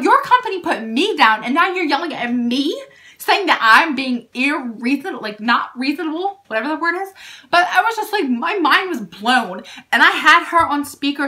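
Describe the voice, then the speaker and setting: Young woman, storytime vlog, indignant, casual, fairly high voice, sharp and bright tone. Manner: animated and indignant, heavy use of "like". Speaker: vlogger telling a story.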